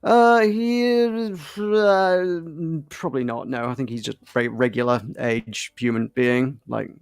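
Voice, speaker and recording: A man's voice: medium pitch, fairly even intonation, unhurried, clean tone, no echo. A man co-hosting a game playthrough, chatting casually in a wry, rambling way with frequent restarts. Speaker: co-host. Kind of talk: casual gameplay chat.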